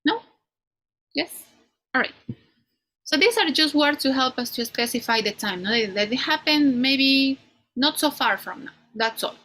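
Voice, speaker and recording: A woman's voice: high voice, lively intonation, bright, forceful tone, low-quality recording. Woman teacher tagging "no?" on points. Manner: explains slowly, ends points with "no?". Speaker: English teacher. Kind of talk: online class lecture.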